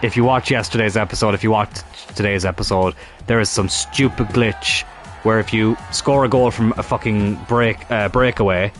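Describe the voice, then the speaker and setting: This gaming YouTuber's fairly low voice has fairly even intonation and a moderate pace, over soft background music. He casually commentates a football management game, frequently grumbling, muttering and cursing at it in frustration.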